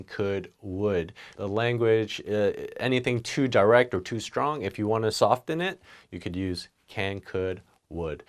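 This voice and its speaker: A man teaching a business English lesson with a lively, swinging pitch. He acts out the example phrases as he goes and keeps a relaxed, conversational tone.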